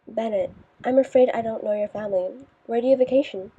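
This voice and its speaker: A woman's voice: on the high side, a little fast, dark tone, breathy edge. A woman voicing a snobbish rich teenage girl in an audiobook, haughty and condescending. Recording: dull lo-fi recording.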